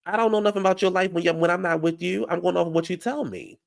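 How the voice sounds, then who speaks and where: High-pitched and fast, with vocal fry and lively intonation, this man runs a laid-back live recap of a reality show. He gets heated, rants, answers viewers' comments, and addresses the show's cast directly.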